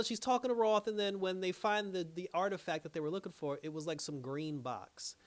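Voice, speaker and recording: A young man giving a casual, animated review on his own channel, laughing often and restarting his sentences. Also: a little high. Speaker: YouTube reviewer.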